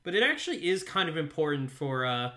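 A man with a bright, slightly high voice talks through a show recap as a podcast co-host. He rambles with plenty of ums and likes, and he laughs often. The talk is loose and conversational. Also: very animated, brisk. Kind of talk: casual episode recap chat.

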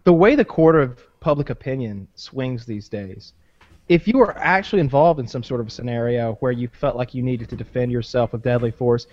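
A man's voice: mid-range voice, normal speed, darkish tone, dry recording, highs cut off. A man in casual, rambling podcast chat, swearing freely and leaning on fillers. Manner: profane, rambling, many fillers.

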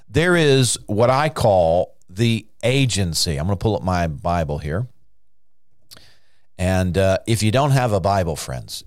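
A man's voice: on the low side, no room sound, studio quality. A man hosting a podcast, preaching in a casual, encouraging way with frequent "you know" and "hallelujah". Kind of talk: casual sermon-style podcast talk.

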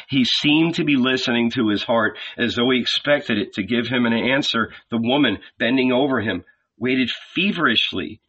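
A man narrating an audiobook in a measured, expressive reading. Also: mid-range voice, husky. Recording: lo-fi dull audio.

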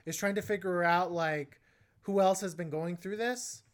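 A woman with a fairly low voice co-hosts a casual movie review podcast at a moderate pace. She rambles, often restarting her sentences and laughing.

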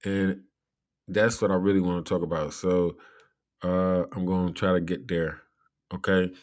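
A man's voice: low-pitched, little pitch movement, normal speed, darkish tone. A man giving loose, rambling commentary to his viewers, laughing often and swearing freely. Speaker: commentary vlogger.

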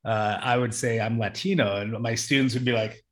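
A man from Alaska shares a personal story with a storyteller's energy. His voice sits at a middle pitch, and he acts out each line of dialogue as he recounts it. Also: steady tone, brisk. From Alaska, USA. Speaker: guest, former teacher.

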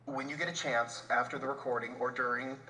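A man's voice: medium pitch, steady tone, fairly quick, pushed and bright, a little hiss or hum, rough recording. A man on a podcast in casual chat, ranting heatedly with heavy swearing.

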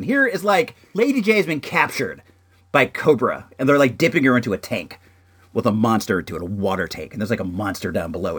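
A man casually chatting to the camera about an action figure in his collection, laid-back and excitable, peppering his talk with "like" and "dude". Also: mid-range voice, breathy edge. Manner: excitable, voice jumping up and down.

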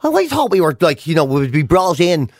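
A man's voice: a little high, very animated, a little fast, no echo, studio quality. An Irish man co-hosting a radio breakfast show, chatting casually and slipping into mock voices as he tells stories. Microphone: studio microphone.

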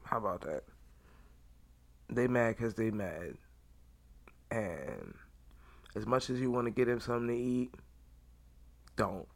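A man's voice: medium pitch, takes it slowly, vocal fry, pauses often. A man hosting a podcast, talking through a rambling, blunt, slangy casual monologue. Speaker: podcast host.

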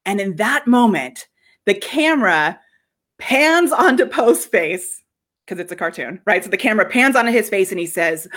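A woman hosting an interview in casual chat, enthusiastic and quick to laugh. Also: mid-range voice, animated, a bit bright. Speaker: interview host.

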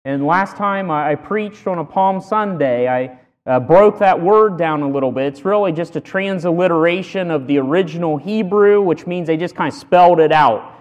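A man preaching a sermon with earnest emphasis, punching key words loudly between pauses. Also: on the high side, long reverb tail. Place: church sanctuary.

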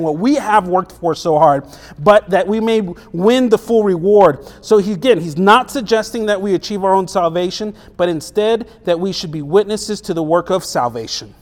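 A man's voice: high voice, big-room sound. A man preaching a sermon as pastor, conversational and emphatic, firing off rhetorical questions.

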